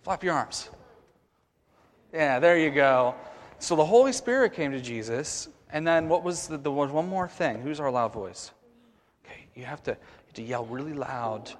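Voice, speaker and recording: A man leading a children's message in a church sanctuary, coaxing the kids through a little skit and then a short prayer. His fairly high voice carries a long church reverb. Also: lively intonation, moderate pace. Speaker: children's sermon leader.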